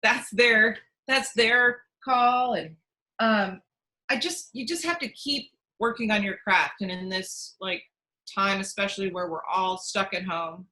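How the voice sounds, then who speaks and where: A woman's voice: medium pitch, a little slow, pushed and bright, rough recording. A woman working as a casting director, answering interview questions in a chatty way with many restarts and fillers. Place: at home.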